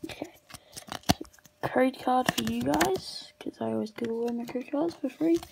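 A woman opening trading card packs on camera in casual commentary, breaking into excited shrieks over good pulls. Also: high-pitched, unhurried, vocal fry, very noisy.

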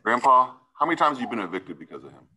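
A man's voice: medium pitch, very animated, rapid-fire, pushed and bright, slightly rough, rough recording. A man serving as a judge, sternly lecturing a defendant in a courtroom hearing and often tagging his points with "right?".

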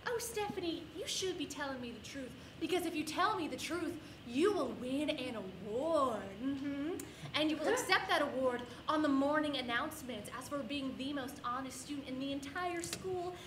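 A woman playing a stern middle-aged teacher who questions a student in slow, pointed words. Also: high voice, lively intonation. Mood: coaxing. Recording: echoey room with background noise.

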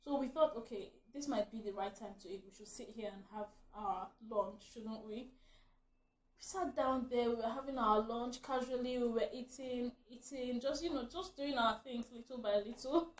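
A woman's voice: on the high side, moderate pace, echoey room, a little hiss or hum. A young adult woman vlogger telling a story in a casual, chatty way, breaking into laughter often.

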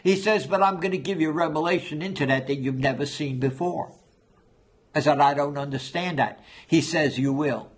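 A man's voice: on the high side, normal speed, husky. A man pastor preaching a sermon, telling a story and acting out the voices in it.

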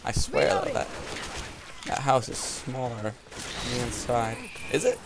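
Gravelly man joking through game commentary. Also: medium pitch, lively intonation, measured pace, heavy background noise. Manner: rambling, joking, talking to game characters. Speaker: gaming video host. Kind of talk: let's play commentary. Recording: game gunfire over voice. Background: video game gunfire and ambience.

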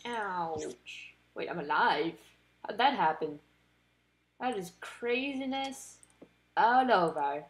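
A woman giving casual commentary while playing a card game, excitable, talking to the cards and groaning or cheering at each turn. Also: mid-range voice, slow pace. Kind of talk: casual let's-play commentary.

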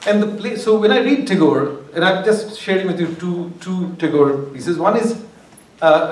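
A man delivers a university lecture in a slightly high voice, thinking aloud and circling back to restart phrases, with wry humor. He sounds set back from the microphone in a reverberant hall. A faint room ambience hangs behind him. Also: a little hiss or hum. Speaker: guest lecturer. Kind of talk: academic lecture. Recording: echoey hall, far from mic, faint ambience.

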